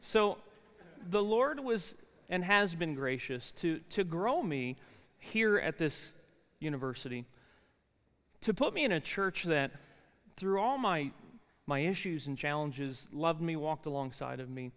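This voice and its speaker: A man in his forties with a New Jersey accent preaches in a large chapel, and his voice rings out in a long hall reverb. His voice sits a little high and sounds smooth and resonant. He tells his story in a loose, chatty way, full of ums and restarts. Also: expressive, unhurried, a bit bright. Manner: conversational storytelling with frequent fillers and restarts. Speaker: chapel speaker. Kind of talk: sermon with personal testimony.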